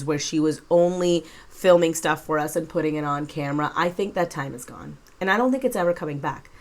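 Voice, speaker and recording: Lowish-voiced woman doing reaction commentary, blunt and sweary, no filter. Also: a bit bright. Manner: blunt, frank, swears casually. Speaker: commentary YouTuber.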